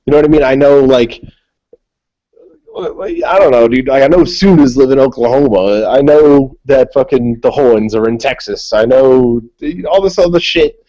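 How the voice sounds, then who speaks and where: A man's voice: medium pitch, moderate pace, mellow, lo-fi sound. A man from New England with a Massachusetts accent, rambling and swearing through stories in a casual chat on a group call. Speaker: panelist.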